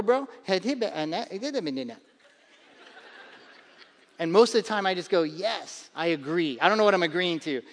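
A pastor preaching to his congregation with a bright, high-set male voice. He talks in a loose, conversational way, pushing key points hard and doubling words as he goes. His voice rings out with the long reverb of a big hall. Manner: conversational, emphatic preaching with repetitions. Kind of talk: sermon.

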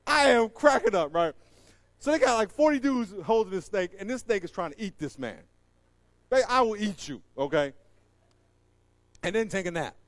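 A man doing stand-up storytelling, animated and acting out the voices in his story while laughing at it himself. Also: high voice, normal speed, pauses often, dry recording. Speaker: comedian.

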